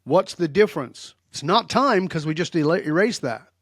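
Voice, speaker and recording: A man's voice: fairly high pitch, normal speed, no echo, clean studio sound. Direct, emphatic older man. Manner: direct, emphatic, animated storyteller. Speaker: guest expert. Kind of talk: storytelling in a podcast interview.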